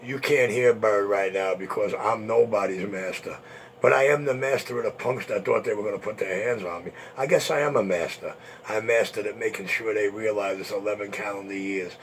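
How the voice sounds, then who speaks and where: A man's voice: lowish voice, a little fast, slight background noise. A man hosting an internet radio show, taunting and boasting in a profane monologue.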